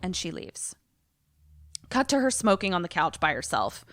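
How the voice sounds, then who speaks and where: Give me a profane, animated woman co-host chatting close to a dry mic. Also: lowish voice, normal speed, no room sound. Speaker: podcast co-host. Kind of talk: casual chat, retelling a film.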